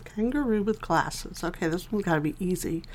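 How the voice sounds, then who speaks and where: A woman co-hosting a casual podcast, teasing and groaning at her partner's jokes. Her voice sits low for a woman. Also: lively intonation, normal speed, a little mellow. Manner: wry, groans at bad jokes. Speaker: podcast co-host.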